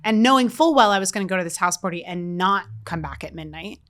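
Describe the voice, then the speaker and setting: A woman in her thirties, a podcast co-host, telling a story in casual chat, animated and self-mocking, swearing freely. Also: lowish voice, fast talker.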